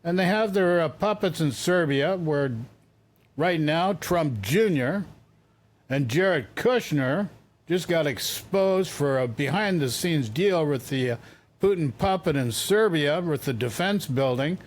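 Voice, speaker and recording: A man talks slowly through his political commentary in a slightly high voice. He sounds exasperated and circles back to the same points again and again. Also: lively intonation.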